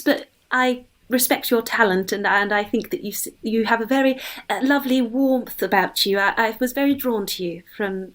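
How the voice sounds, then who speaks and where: A woman's voice: mid-range voice, natural voice. A woman playing a nosy, effusive young lady in a tabletop game. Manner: gushing, effusive and prying. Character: posh, nosy young lady, overly eager friend. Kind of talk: in-character tabletop role-play.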